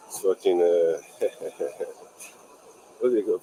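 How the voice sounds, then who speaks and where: A man's voice: low voice, normal speed, long pauses, mellow, slight background noise, poor audio. A man hosting a casual livestreamed street interview outdoors, talking in a loose, rambling way and swearing offhandedly. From Washington, DC. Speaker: host, landlord interviewer.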